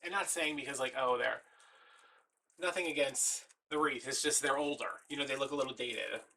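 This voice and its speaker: A man's voice: mid-range voice, moderate pace, creaky, pushed and bright, recorded from a distance, a little hiss or hum. A man, a little out of breath, chatting casually while walking through a craft step by step. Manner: chatty, folksy, talks while working. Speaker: craft tutorial host.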